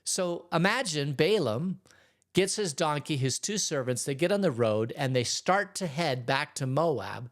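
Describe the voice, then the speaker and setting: A pastor gives a relaxed, conversational Bible lesson in church, reading scripture aloud and then retelling it in everyday language. His voice is a little high and his pace is normal.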